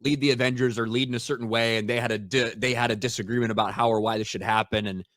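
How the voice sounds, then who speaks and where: A man's voice: medium pitch, steady tone, fast talker, fairly bright tone, no echo, studio quality. Blunt, profane podcast co-host, a man. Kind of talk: casual podcast chat.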